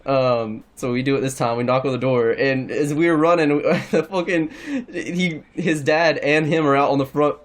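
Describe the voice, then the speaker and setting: A man's voice: fairly high pitch, moderate pace, few pauses. Profane, rambling young man telling stories. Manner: rambling, profane, animated anecdote. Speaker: podcast regular. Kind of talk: casual storytelling chat.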